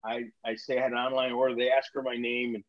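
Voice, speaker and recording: A man's voice: mid-range voice, fast talker. A man telling a story in casual chat, swearing freely and laughing as he goes. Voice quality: profane, animated, laughs while telling. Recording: slightly muffled recording.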